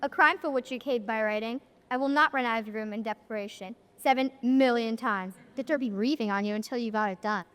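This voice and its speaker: A woman's voice: on the high side, brisk, few pauses, fairly bright tone. A young woman narrating a school stage play, telling the story wryly to the audience as "you". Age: young adult. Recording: echoey auditorium, from a distance.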